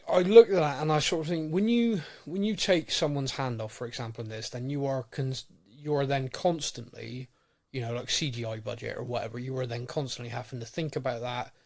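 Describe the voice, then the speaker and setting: Guy cohosting a podcast, rambly, stumbles over his words a lot, normal pitch. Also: a little mellow. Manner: rambling, repeats words when starting sentences. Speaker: podcast co-host. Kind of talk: casual chat.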